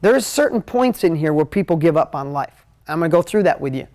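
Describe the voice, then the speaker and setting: A man teaching a live motivational talk at a whiteboard, energetic, emotional and conversational. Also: on the high side, fairly quick. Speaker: motivational business coach.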